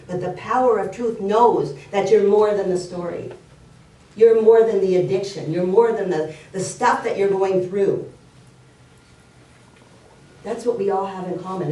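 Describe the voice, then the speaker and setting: In a church hall sermon, a woman speaks at normal speed in a medium-pitched, dark voice, recounting stories earnestly and returning to key phrases. The mic sits at a distance in the roomy hall.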